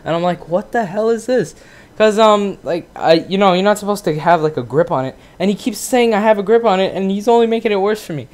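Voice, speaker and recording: A man's voice: sits high, fast talker, few pauses. A teenage boy hosting his own channel, telling a story in a casual, profane rant full of fillers. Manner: profane, ranting, lots of fillers. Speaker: gaming channel host.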